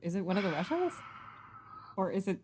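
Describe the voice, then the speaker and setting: Casual woman streamer chat, quick to laugh, average pitch. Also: big pitch swings, darkish tone, a little hiss or hum. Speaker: streamer and host.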